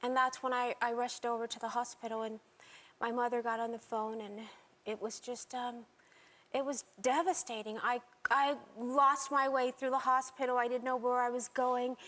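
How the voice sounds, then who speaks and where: A woman with a high voice recalls a painful event in an interview. She speaks haltingly and restarts her sentences often. The clip comes from an archived interview. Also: fairly bright tone. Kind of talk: emotional recollection in an interview.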